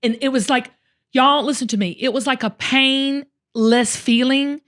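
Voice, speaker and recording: A woman host telling a personal story in casual conversation, emotional and expressive, often speaking straight to her listeners. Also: high-pitched, unhurried. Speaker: show host.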